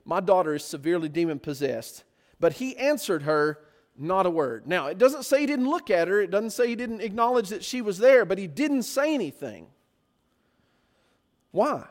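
A man's voice: sits high, very animated, normal speed. A man preaching a sermon, often putting rhetorical questions to his listeners.

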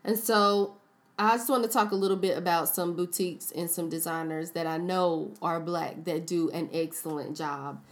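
A woman co-hosting a relaxed podcast. She chats casually, running through recommendations with a friendly, rambling flow and frequent "um"s. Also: on the low side, normal speed. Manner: chatty, recommends businesses with frequent fillers. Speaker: podcast co-host. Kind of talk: casual chat.

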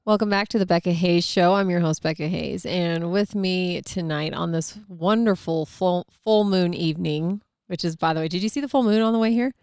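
A woman hosting a podcast, reading an ad and chatting casually, bubbly and quick to laugh. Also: on the low side, a little mellow. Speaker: host. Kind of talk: casual chat.

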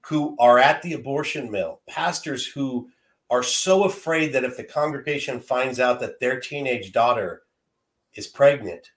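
A man's voice: medium pitch, unhurried. A man in his fifties telling a heartfelt personal story as a guest, earnest and often repeating words as he gathers his thoughts. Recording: roomy echo.

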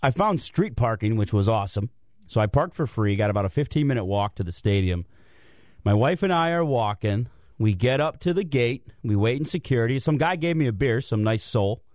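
Casual male radio guest, animated storyteller, dry studio sound. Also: medium pitch, a little fast, no echo. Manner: animated storytelling, self-mocking. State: out of breath from cold. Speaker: guest commentator.

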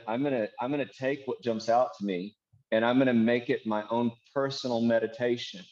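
Earnest guy teaching devotional bible reading, slows way down on verses, dull audio. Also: mid-range voice, darkish tone. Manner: earnest, slows to read verses aloud as prayer. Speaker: minister.

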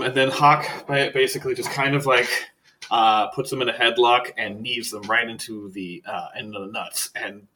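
A man narrating a tabletop role-playing game as game master, casual and halting, with many fillers. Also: on the low side, pushed and bright, low-quality recording.

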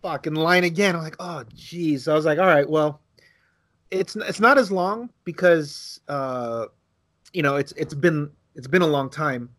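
A man co-hosting a podcast, telling a casual story, acting out quotes with big jumps in his voice and swearing freely. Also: measured pace. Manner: animated, acts out quotes with big pitch jumps. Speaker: podcast co-host.

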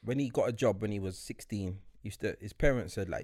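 A man's voice: on the low side, brisk, darkish tone, dry recording, clean studio sound. A man, chatting casually on a podcast and telling laid-back, slangy stories. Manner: laid-back storyteller, slangy, laughs often. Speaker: podcast co-host. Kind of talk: casual chat, storytelling.

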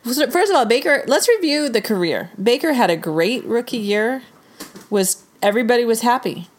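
A woman co-hosting a casual sports chat, launching into an animated, exasperated rant. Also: fairly high pitch, normal speed. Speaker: podcast co-host.

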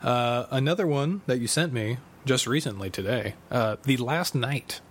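A young adult man co-hosting a casual gaming podcast, agreeable and quick to chime in with yeahs and mm-hmms. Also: mid-range voice, husky. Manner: agreeable, quick affirmations, easy laughs. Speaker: podcast co-host. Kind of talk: casual chat.

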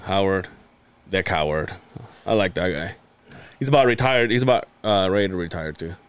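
A man's voice: low voice, expressive, normal speed, clear, resonant tone. A man co-hosting a podcast, telling casual profane stories and mimicking coworkers' voices. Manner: profane storyteller, acts out others' voices. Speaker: podcast co-host.

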